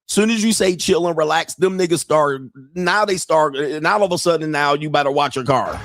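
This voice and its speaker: A male livestream host in a crude comedic rant, animated and acting out the people he talks about. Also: on the high side, moderate pace, no echo, clean studio sound.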